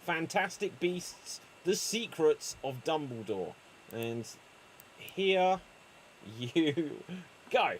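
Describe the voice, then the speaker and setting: A man hosts an online improv comedy show, setting movie challenges for the players. He talks slowly and his pitch jumps around freely. He is playful and laughs easily between cues. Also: animated, a little hiss or hum.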